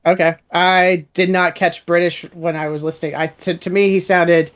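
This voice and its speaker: Audio drama creator, casual talk, mid pitch, rambling with restarts. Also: little pitch movement, moderate pace, fairly bright tone. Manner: rambling, restarts sentences often. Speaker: audio drama writer and director. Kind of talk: casual chat.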